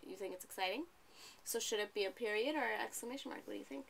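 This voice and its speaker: Tutor type, young adult woman, patient questioning delivery, slight fry, faint hiss behind. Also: mid-range voice, fast, fairly bright tone. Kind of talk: one-on-one reading lesson.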